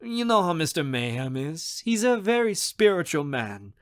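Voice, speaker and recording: Man doing a suave, assured older manager in his fifties, genial and teasing, lively pitch, audiobook. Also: moderate pace. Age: 50s. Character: polished older male hotel manager, smooth and charming.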